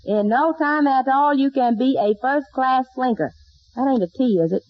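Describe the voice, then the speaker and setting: On a dull old broadcast recording, the comedy star of a 1940s radio sitcom plays a scatterbrained, wisecracking country gal, full of folksy puns. Her voice is high and natural, moving at a moderate pace, and the mood is zany.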